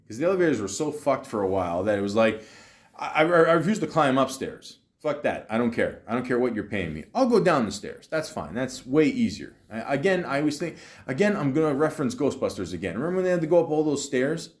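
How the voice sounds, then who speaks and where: A male podcast host riffs through a long anecdote in a loose, chatty monologue. He swears freely, jokes crudely and keeps restarting his sentences with "like" and "you know." His voice sits at an ordinary male pitch. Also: very animated, fast. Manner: profane, rambling, jokey, many fillers and restarts. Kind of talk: casual storytelling monologue.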